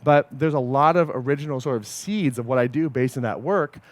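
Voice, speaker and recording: A man coaching a group in a casual, animated way, swearing often and checking in with his listeners. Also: medium pitch, brisk, no room sound. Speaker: podcast host and coach.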